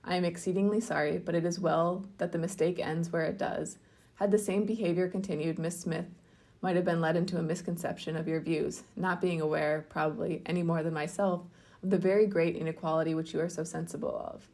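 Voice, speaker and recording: A woman reading the part of a proud, indignant young lady from a classic novel, in a crisp, formal manner. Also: fairly low pitch, steady tone, brisk, a little mellow, natural voice.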